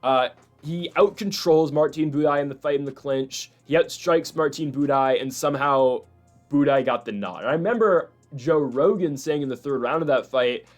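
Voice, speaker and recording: A man's voice: on the high side, moderate pace, soft background music. A man hosting a casual talk show, rambling and opinionated, with many restarts and asides. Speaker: host. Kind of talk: casual chat.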